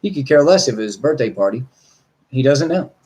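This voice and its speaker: A man's voice: medium pitch, expressive, brisk, darkish tone. A man, a dog trainer, talking casually to viewers in a rambling, blunt way with mild swearing.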